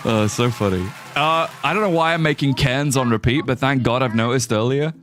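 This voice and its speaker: A man's voice: mid-range voice, a bit bright. A young man with an English accent, chatting casually with viewers on a live gameplay stream, swearing and laughing often. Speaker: livestreamer. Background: faint guitar music.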